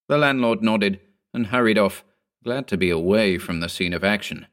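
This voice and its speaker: A man reading a ghost story aloud in a measured, grave manner. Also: lowish voice. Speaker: narrator. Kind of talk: scripted ghost story narration.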